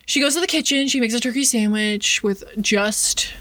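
A woman's voice: a little high, moderate pace, fairly bright tone. A woman casually recapping a book's plot on a podcast, full of "like" and acted-out quotes. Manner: chatty, filler-heavy retelling with voiced quotes. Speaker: podcast co-host recapping a book. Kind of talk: casual chat.

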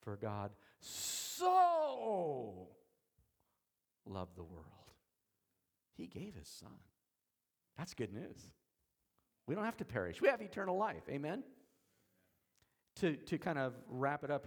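A man preaching an expository sermon, shifting from soft, slow lines to loud emphatic ones, with folksy, self-deprecating asides. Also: mid-range voice. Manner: dramatic swings between soft and emphatic, slows on key words. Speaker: pastor.

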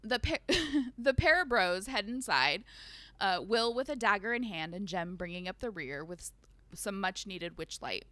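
A woman's voice: mid-range voice, expressive, normal speed, bright, forceful tone, dry recording. A woman hosting a podcast who retells a book in a casual chat, laughing often as she tells the story. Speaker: podcast host.

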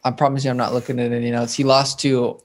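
Man in casual podcast chat, playful, slangy, mid-pitched. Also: level tone, quick pace. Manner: playful, hypes fighters with slang. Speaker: co-host making fight picks.

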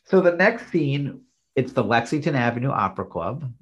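A man's voice: mid-range voice, very animated, moderate pace, husky, muffled recording. A man co-hosting a podcast, recapping a TV episode scene by scene in casual chat. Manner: narrates scenes plainly, then reads lines out. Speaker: podcast co-host.

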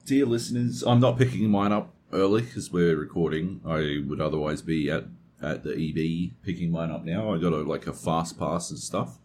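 A man's voice: low voice, moderate pace, slight background noise. A man co-hosting a gaming podcast, chatting casually and telling stories with plenty of swearing. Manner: swears a lot, animated storytelling. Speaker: podcast co-host. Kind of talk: casual chat.

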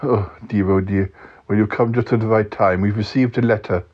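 A man's voice: lowish voice, fairly even intonation, normal speed. A man hosting a comic podcast skit, fretful and easily worried. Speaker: podcast host. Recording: dull lo-fi recording.

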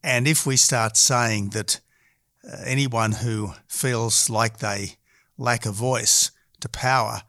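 Middle-aged Australian male politician, measured and argumentative, halting delivery, dry close sound, average pitch. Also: steady tone, sharp tone, dry recording. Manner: measured and argumentative, frequent hesitations. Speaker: politician guest. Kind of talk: political interview.

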